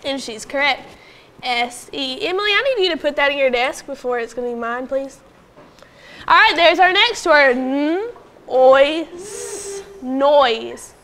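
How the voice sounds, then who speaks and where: A woman teaching a phonics lesson to young pupils in a classroom, patiently prompting them and sounding out words slowly. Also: high-pitched, lively intonation, a bit bright. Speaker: elementary school teacher.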